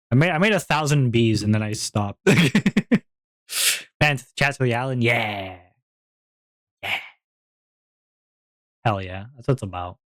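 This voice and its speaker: Guy streamer chatting casually, mid-pitched, dry close mic, giggly and rambly. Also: no echo. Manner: giggly, rambling, breaks into high-pitched tittering. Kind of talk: casual chat.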